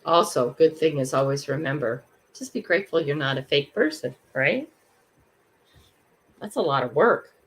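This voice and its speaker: An older woman with a deep, lively voice hosts a morning livestream at a normal pace. She greets viewers by name and muses aloud in a casual, reflective way, just chatting live.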